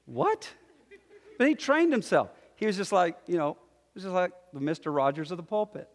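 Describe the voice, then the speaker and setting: High-voiced preacher in a reverberant hall. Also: male voice, normal speed. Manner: animated, acts out quoted voices. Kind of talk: sermon.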